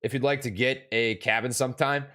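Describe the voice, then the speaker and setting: A man's voice: medium pitch, steady tone, a little fast, pushed and bright. A young man from Minnesota, casually chatting on a live stream about stocks, rambling with many fillers and restarts while answering chat.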